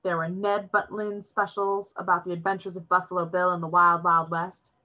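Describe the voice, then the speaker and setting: A woman reading a novel chapter aloud in a steady storytelling manner. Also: lowish voice, moderate pace. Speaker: reader. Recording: dull lo-fi recording.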